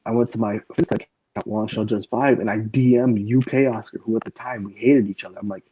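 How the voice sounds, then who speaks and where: A man's voice: lowish voice, fairly even intonation, fast talker, breathy edge. A man hosting a casual podcast chat, rambling and swearing freely, with plenty of fillers. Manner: rambling and profane, stacked with fillers. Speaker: podcast host. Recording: dull lo-fi recording.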